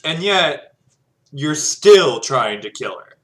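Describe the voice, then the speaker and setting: Bright-voiced man playing a tabletop game. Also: fairly high pitch, sing-song, takes it slowly, slight background noise. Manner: earnest, pleading. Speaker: player. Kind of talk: casual tabletop play.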